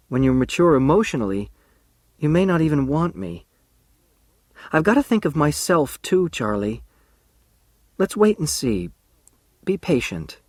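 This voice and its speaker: A man voicing a gentle, cautious young woman teacher in an audiobook, speaking softly and patiently. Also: fairly high pitch, no echo, studio quality, pitched above the performer's own voice. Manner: soft, pleading, patient.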